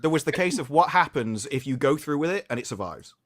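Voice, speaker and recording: A man's voice: fairly high pitch, lively intonation, fast. A man co-hosting a casual political chat stream. He is blunt and sarcastic and mocks others in put-on voices. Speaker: co-host.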